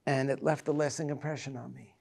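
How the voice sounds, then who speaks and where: A man in his seventies, a rabbi giving a reflective Tisha B'Av lecture, telling personal stories in a halting way. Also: medium pitch, flat delivery, vocal fry, darkish tone. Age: 70s.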